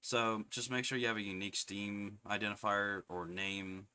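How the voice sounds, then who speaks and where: A man on the staff of a roleplay server, calmly giving members plain reminders at a community meeting. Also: lowish voice, normal speed, smooth. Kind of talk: casual announcements.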